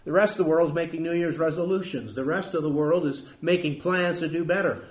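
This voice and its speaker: A man's voice: on the high side, fairly quick. A male pastor preaching a sermon, quoting scripture with emphasis and asking the congregation rhetorical questions.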